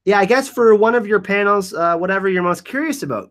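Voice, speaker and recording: A hyped-up man answers a live chat in a casual stream Q&A. His voice sits fairly high and he rambles, often restarting his sentences. The energy stays up throughout. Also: animated, fast, few pauses, a bit bright. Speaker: YouTube channel host.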